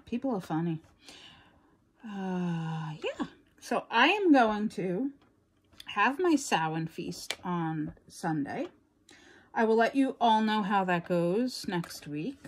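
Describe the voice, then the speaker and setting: A woman's voice: mid-range voice, sing-song, slow, slight background noise. A woman with a New York accent chatting casually to viewers as a crafting vlogger, rambling and laughing often.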